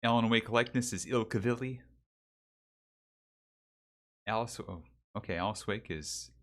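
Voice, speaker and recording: A man's voice: lowish voice, measured pace, pauses often, fairly bright tone. A man streaming a game, chatting casually with his viewers, rambling and reading their names aloud, on a desk mic with a pop filter. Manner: rambling, talks to chat, reads names aloud. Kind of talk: casual livestream chat. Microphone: desk mic with pop filter and windsock.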